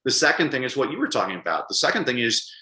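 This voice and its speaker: A man speaking as an interview guest, an animated storyteller who acts out quotes. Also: medium pitch, rapid-fire, reverberant, poor audio. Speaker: guest, public speaker and coach. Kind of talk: conversational interview.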